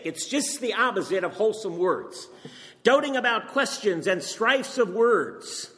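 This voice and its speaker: High, lively older man preaching in hall. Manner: earnest, emphatic, asks rhetorical questions. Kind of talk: sermon. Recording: long reverb from a hall.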